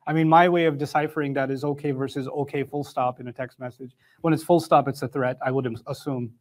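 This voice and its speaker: A man giving a religious lecture on the Quran, explaining points in an animated, emphatic way. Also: medium pitch, quick pace.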